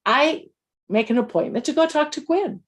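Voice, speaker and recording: A woman's voice: high voice, animated, normal speed. Woman telling a personal story. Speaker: storyteller, former teacher.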